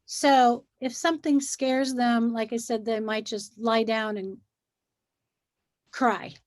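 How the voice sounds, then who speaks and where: Woman, casual chat, animated, acts out what she says to kids, slightly high pitch, dry. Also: slow pace, no echo.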